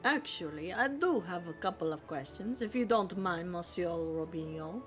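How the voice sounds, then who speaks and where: A woman's voice: lowish voice, lively intonation, normal speed, soft background music, close to an everyday voice. A woman voicing a prim, earnest male lawyer from a game in a formal, polite manner. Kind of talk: reading a game aloud on stream.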